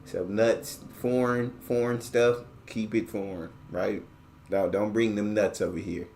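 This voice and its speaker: A man's voice: fairly low pitch, fairly even intonation, a little slow, gravelly, a little mellow, a little hiss or hum. An American man hosting a reaction video, chatting to his viewers in a casual, talkative way. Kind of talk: casual commentary.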